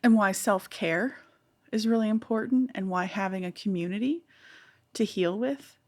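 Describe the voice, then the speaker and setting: A woman's voice: mid-range voice, normal speed, a little mellow. A woman hosting a casual podcast conversation, encouraging her guest and laughing often.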